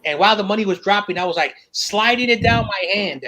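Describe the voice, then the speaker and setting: High-pitched guy, lively storyteller, laughs a lot, swears. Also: a little fast, rough recording. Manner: animated, laughing, profane. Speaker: podcast host. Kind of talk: casual chat, storytelling.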